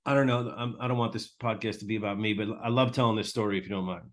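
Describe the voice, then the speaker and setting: A middle-aged man hosting a casual chat, telling an animated story and acting out the people in it. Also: on the low side, rapid-fire. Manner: animated storyteller, acts out quotes. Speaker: host.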